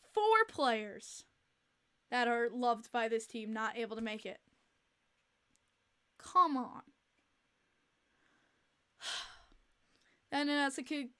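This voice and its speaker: A young woman hosts a casual podcast livestream in a high, bright-pitched voice. She talks in an animated, exasperated way, repeating her points with plenty of fillers. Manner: chatty, with many fillers. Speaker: podcast host.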